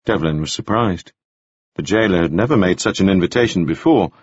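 Husky low-voiced male audiobook narrator. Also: no echo. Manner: measured, expressive storytelling. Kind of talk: scripted narration. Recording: dull, dry lo-fi audio.

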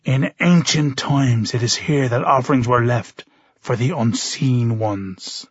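A man's voice: medium pitch, takes it slowly, breathy edge, dry recording, lo-fi sound, pitched below the performer's own voice. A man voicing a cheerful but menacing older bearded druid who speaks in a genial, lecturing way in an audiobook. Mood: genial menace. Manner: genial, lecturing, quietly threatening. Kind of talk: audiobook narration.

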